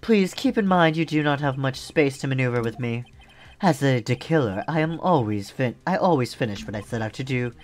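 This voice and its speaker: A man voicing a courteous, polite assassin with soft menace. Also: mid-range voice, expressive, pitched above the performer's own voice, lightly acted. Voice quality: measured, mannered politeness. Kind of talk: reading game dialogue aloud.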